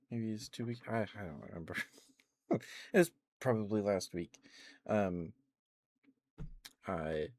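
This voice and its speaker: A young man talks in a soft, sleepy ASMR murmur. His voice sits a little low, and his words come slowly. He rambles gently, drifting from one thought to the next. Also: a little hiss or hum. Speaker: ASMR streamer.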